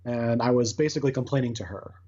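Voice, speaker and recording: A man's voice: medium pitch, quick pace, mellow. A man in his thirties, a guest in an interview, earnestly recounting a personal experience with many restarts. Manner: earnest, rambling with restarts and acted-out quotes. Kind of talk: casual storytelling interview. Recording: muffled lo-fi audio.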